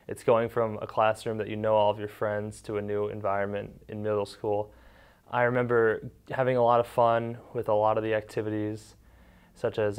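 A man's voice: on the low side, clean tone. A young man casually recalling camp memories, with lots of "like" fillers, acting out the kids' quotes. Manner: relaxed storytelling, many "like" fillers, acts out kids' quotes. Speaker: interviewee, former camper and counselor. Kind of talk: casual recollection.

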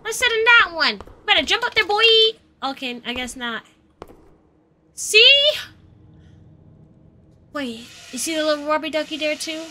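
A young adult woman streaming a game live, reacting with excited exclamations and chatting to her viewers. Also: high-pitched, a little slow, pauses often, background noise. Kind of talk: live gameplay commentary.

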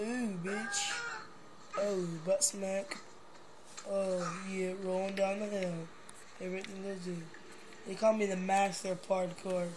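A young man giving crude, joking commentary while playing a video game, mostly mumbling with sudden shouted outbursts. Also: high voice, flat delivery, slow pace, long pauses, background noise. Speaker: gaming video host.

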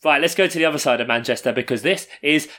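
A man's voice: on the high side, fast talker, sharp tone. A man co-hosting a sports podcast in casual chat, joking and riffing on numbers. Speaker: podcast co-host.

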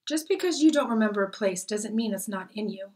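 A woman's voice: medium pitch, lively intonation, a little fast, a little mellow, lightly acted. A fond old grandmother, as a woman reads her. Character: loving, nostalgic grandmother telling island memories.

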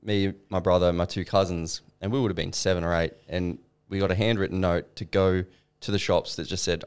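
Man, very deep voice, smooth and resonant, easygoing podcast co-host. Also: fairly even intonation, a little fast, hardly any pauses. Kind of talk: casual chat.

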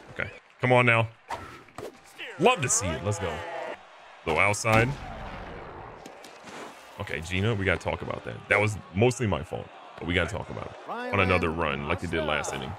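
A man giving casual, excitable gameplay commentary, joking at himself and talking to his players. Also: deep voice, vocal fry, background noise. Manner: excitable, self-mocking, talks to the players. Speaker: gaming video host.

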